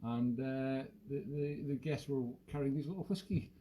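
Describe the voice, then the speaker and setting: A man's voice: mid-range voice, moderate pace, mellow, slight background noise, close to an everyday voice, low-quality recording. A man playing a rambling, self-mocking male whisky expert in a comic live stream, slipping into a put-on Irish-sounding lilt. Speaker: host.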